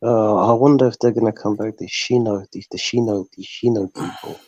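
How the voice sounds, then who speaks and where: A man's voice: lowish voice, fairly even intonation, fairly quick, mellow, no room sound. A man chatting casually in an open mic session, telling stories that drift off topic. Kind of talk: casual chat. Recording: dull lo-fi audio.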